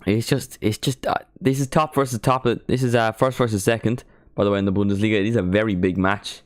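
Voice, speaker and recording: A man's voice: lowish voice, fairly even intonation, fast talker, no room sound, clean studio sound. A teenage man from Ireland with an Irish accent, chatting casually and self-mockingly while hosting a football watchalong stream. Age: teens. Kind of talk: casual live-stream chat.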